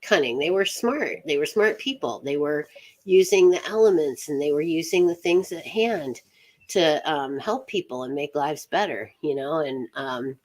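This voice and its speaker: A woman's voice: sits low, expressive, normal speed, a little mellow. A woman from upstate New York hosting a witchcraft chat show, talking in a rambling, chatty way with frequent laughter. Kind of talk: casual live chat.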